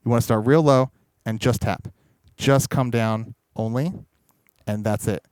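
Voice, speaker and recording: A man teaching drum technique in a casual, explanatory way, pausing to demonstrate strokes as he talks. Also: medium pitch, darkish tone, clear, resonant tone, no room sound. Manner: explanatory, demonstrating while talking. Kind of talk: instructional video. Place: recording studio with drum kit. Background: drum playing.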